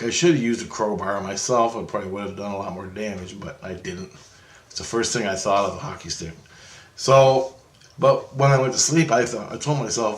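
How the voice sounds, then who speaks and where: A man's voice: mid-range voice, roomy sound, a little hiss or hum. A man telling a long story in a casual, rambling monologue, swearing often and correcting himself as he goes. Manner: rambling, profane, animated retelling with self-corrections. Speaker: vlogger.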